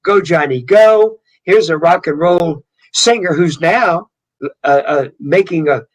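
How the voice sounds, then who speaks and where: An older man from Louisiana with a Southern drawl, telling rambling, animated stories as an interview guest. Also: fairly high pitch, measured pace, low-quality recording. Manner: rambling, animated storyteller with many restarts. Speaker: guest singer. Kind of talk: storytelling interview.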